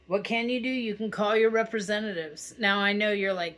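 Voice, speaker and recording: Here the spiritual channel host sounds medium in pitch and a bit bright, talking briskly with hardly any pauses. She addresses her viewers in a relaxed, sincere way, offering reassurance and often asking "okay?".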